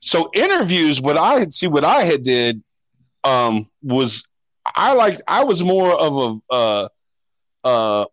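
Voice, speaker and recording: A man's voice: fairly high pitch, very animated, slow, a bit bright, no echo, rough recording. Male podcast co-host, profane rambling storyteller, dry mic. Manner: rambling, profane, restarts often. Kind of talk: casual storytelling chat.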